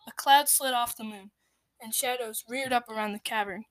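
A woman reading a children's storybook aloud, measured and expressive, sometimes dropping to a hush. Her voice is a little high. The sound is close and dry. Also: no room sound. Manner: expressive, measured, dips into hushed tones. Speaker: storybook reader. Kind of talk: scripted narration of a children's story.

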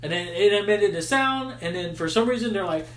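A man's voice: high voice, lively intonation, fairly quick, fairly bright tone, reverberant. A man hosting a podcast, casually recapping a film in slangy, swearing chat. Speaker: podcast host.

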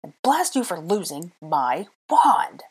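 Sneering teenage boy wizard voiced by a woman, snappish, scornful, low breathy voice, audiobook. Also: expressive, normal speed. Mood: angry barking. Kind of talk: audiobook fan fiction reading.

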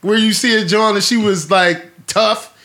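A man's voice: sits high, fairly even intonation, bright, forceful tone, a little hiss or hum. A man in his forties co-hosting a casual podcast chat, joking and drawing out his words. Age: 40s. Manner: joking, drawn-out delivery. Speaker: podcast co-host.

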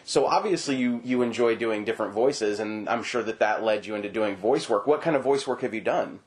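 A man's voice: fairly low pitch, fairly quick. A man hosting an interview podcast, chatting casually and telling jokey stories. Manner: joking, lively storytelling. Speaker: podcast host.

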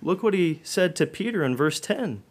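A preacher with a fairly high voice gives a sermon, his delivery rising loud before sinking soft and low. He puts direct questions to his listeners, speaking at a moderate pace with lively intonation.

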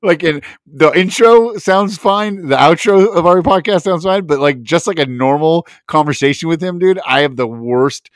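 A man co-hosting a podcast in casual chat, animated and quick to laugh, swearing freely. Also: on the high side, dry recording, studio quality. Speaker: podcast co-host.

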